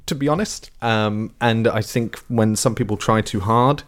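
A man's voice: fairly low pitch, a little slow. A young man casually reviewing a song, talking at length in a rambling, thoughtful way. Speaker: music podcast co-host. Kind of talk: casual music review chat.

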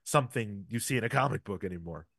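A man's voice: on the low side, animated, fast talker, gravelly, a bit bright, breathy edge, no room sound, studio quality. A man hosting a casual comic book review show, retelling scenes with animation and little acted-out quotes. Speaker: podcast host.

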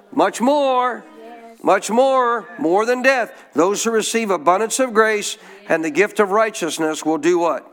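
Man, pastor, high voice, sermon, emphatic, call-and-response. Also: a bit bright. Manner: emphatic call-and-response preaching, quizzing the congregation.

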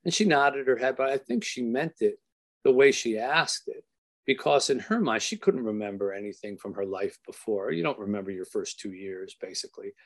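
An older man who is an author recounts a personal story earnestly and haltingly, restarting many times and letting phrases trail off softly. His voice is lowish.

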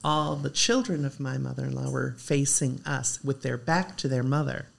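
A woman, a guest in a casual chat, telling a family story in a lively way. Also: a bass voice, moderate pace, vocal fry.

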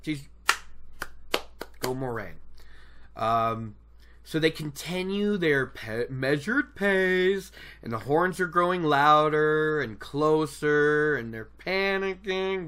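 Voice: mid-range voice, sharp tone. A host giving casual commentary on a book, chatty and digressive, often laughing at their own jokes.

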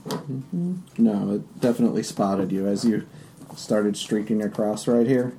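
A man narrating as game master of a tabletop game, describing scenes loosely with fillers and quick asides. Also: fairly low pitch, vocal fry, warm tone, a little hiss or hum.

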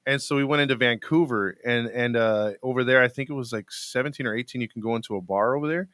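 A man's voice: medium pitch, fast talker, fairly bright tone, dry recording. A man co-hosting a live podcast show, chatting casually and telling stories with frequent laughs and repeated words. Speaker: podcast co-host.

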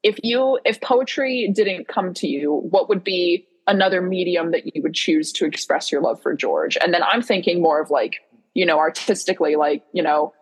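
A young woman talks over a video call in a relaxed podcast chat, with a slightly husky, fairly low voice. She tells her story with plenty of energy, jumps into quoted lines and laughs between them. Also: normal speed. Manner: animated storyteller who acts out quotes and laughs often. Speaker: podcast guest co-host.

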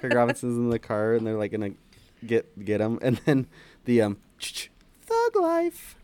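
A man's voice: fairly low pitch, level tone, brisk, darkish tone, clear, resonant tone, no room sound. A man co-hosting a film podcast in casual chat, laughing often and quoting movie lines in funny voices. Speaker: podcast co-host.

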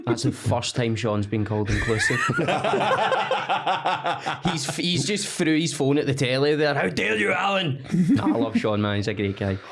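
A man appearing as a comedian guest on a podcast, trading crude jokes and quick asides in casual banter. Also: mid-range voice, big pitch swings, slightly rough.

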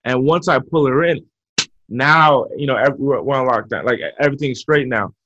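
A man giving motivational advice as a podcast guest, talking in an energetic coaching way with frequent repeats. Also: mid-range voice, moderate pace, a little hiss or hum. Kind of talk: motivational interview talk. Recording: muffled lo-fi audio.

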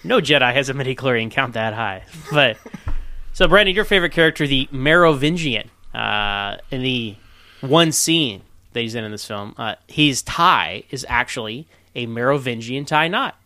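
A chatty man riffing on film trivia with an easy laugh. His voice is bright and forward, sitting at a middle pitch, and it sounds dry and close with almost no room around it. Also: moderate pace, dry recording. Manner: chatty, animated, laughs often. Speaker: podcast co-host sharing film trivia. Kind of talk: casual chat.

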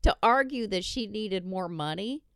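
A woman's voice: mid-range voice, expressive, normal speed, clear, resonant tone, no echo, clean studio sound. A woman hosting a podcast, ranting bluntly and swearing in casual chat. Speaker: podcast host.

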